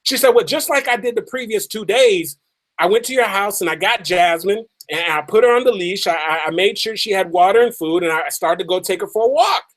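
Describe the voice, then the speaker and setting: A motivational speaker with a fairly high, slightly bright voice tells a story emphatically. He hammers certain phrases over and over for effect and draws out the key lines slowly for drama.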